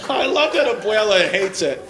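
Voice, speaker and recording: A man's voice: high voice, big pitch swings, moderate pace. A man doing brash, teasing crowd work as a stand-up comedian in front of a live audience. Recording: live room with crowd laughter and noise.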